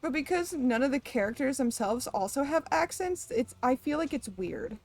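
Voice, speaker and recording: A woman's voice: sits high, expressive, moderate pace. A young woman streaming a game, chatting casually, rambling, laughing often and swearing offhandedly. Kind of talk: casual chat while gaming.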